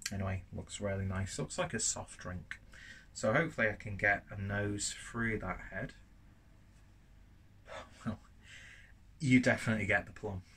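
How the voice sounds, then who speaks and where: There's slight background noise as a man with a low-ish, fairly bright voice chats about a beer while cooking at home. Originally from northern England, he has a well-spoken southern English accent, and his review vlog is casual, rambling and full of self-deprecation.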